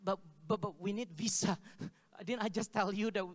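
A pastor preaches at normal speed in a high voice, telling stories and acting out the dialogue with laughs in an animated manner. The hall gives the recording a long reverb.

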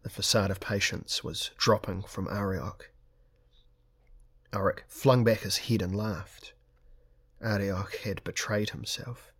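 A man narrates an audiobook with a steady, measured delivery. His voice is husky and sits fairly low. The reading is scripted and even.

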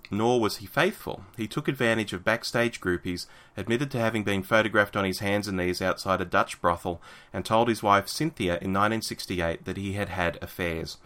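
With a fairly low, bright, forceful voice at normal speed, this man co-hosts a casual podcast. He reads aloud from a book, then talks the passages over, peppered with fillers and restarts.

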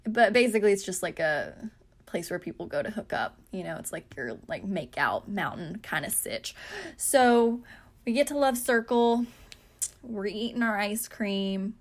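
A young woman in her twenties hosts a podcast and talks through a story from her own life. She speaks casually and mocks herself, with plenty of fillers, at an ordinary middle pitch. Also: animated, measured pace. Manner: chatty, many fillers, self-mocking. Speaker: podcast host.

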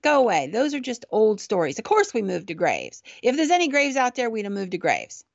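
A woman's voice: on the high side, wildly swooping pitch, fairly quick, vocal fry, no room sound, heavily acted. A rude, dismissive builder, as a woman puts him on. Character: brusque dismissive male builder. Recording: dull, dry lo-fi recording.

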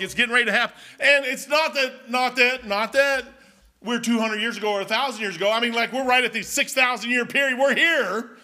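An older man preaching a folksy, excitable sermon, dropping low and then shouting. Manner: folksy, excitable, swings between murmurs and shouts.

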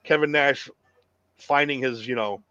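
Chatting and rambling about classic wrestling matches with plenty of swearing, this podcast co-host speaks a little slowly in a mid-range voice that is pushed and bright. There is no echo, but the lo-fi recording sounds dull.

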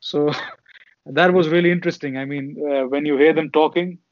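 A man's voice: a little high, fairly even intonation, brisk, dry recording. A young man from India co-hosting a podcast, chatting casually with long, meandering explanations. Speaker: podcast co-host. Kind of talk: casual chat. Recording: dull lo-fi sound.

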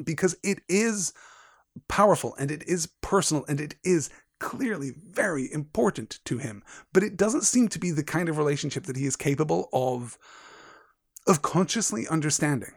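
A man's voice: a little high, dry recording, clean studio sound. A man hosting a book-discussion stream, talking in full sentences and often repeating words while he builds a point. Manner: articulate, repeats words as he gathers thoughts. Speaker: podcast host. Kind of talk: literary discussion and read-aloud.

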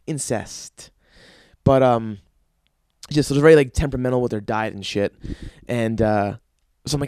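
A man's voice: medium pitch, normal speed, pauses often, darkish tone, smooth, no room sound, studio quality. A young man hosting a casual solo podcast, rambling wryly with plenty of swearing. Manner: profane, rambling, wry. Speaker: podcast host.

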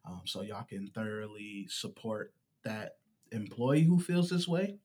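A man co-hosting a podcast, talking in a relaxed, conversational way. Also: fairly low pitch, measured pace. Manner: relaxed, laughs between points. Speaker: podcast co-host. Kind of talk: casual chat.

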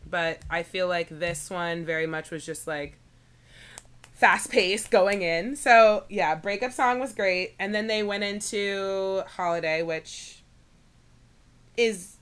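A woman's voice: mid-range voice, takes it slowly, fairly bright tone, clear, resonant tone. A woman in her twenties co-hosting a podcast, chatting casually with frequent fillers and giggles. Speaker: podcast co-host. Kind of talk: casual chat.

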